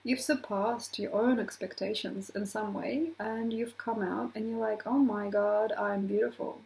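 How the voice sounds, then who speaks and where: Woman astrologer, gravelly voice, mellow tone, animated casual talk. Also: mid-range voice, measured pace, low-quality recording. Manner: animated, acts out quoted voices, laughs often.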